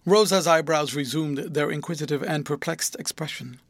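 A man's voice: fairly high pitch, moderate pace, no echo. Man narrating a classic novel. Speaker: audiobook narrator. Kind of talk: scripted narration.

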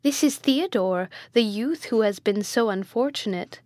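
A woman's voice: on the high side, animated, unhurried, a little mellow, dry recording, studio quality. A woman voicing an anxious, devoted noblewoman in a storybook reading, pleading and soothing.

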